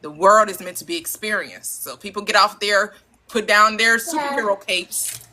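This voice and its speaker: Bright-voiced woman hosting a spiritual talk. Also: mid-range voice, normal speed, a little hiss or hum, poor audio. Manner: affirming, preacher-like explanations. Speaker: host. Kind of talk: spiritual talk show conversation.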